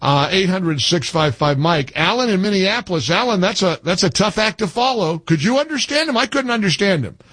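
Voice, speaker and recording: A middle-aged man hosting call-in talk radio, animated, jokey and easily exasperated. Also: high-pitched, a little fast, hardly any pauses, no echo. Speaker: radio talk show host.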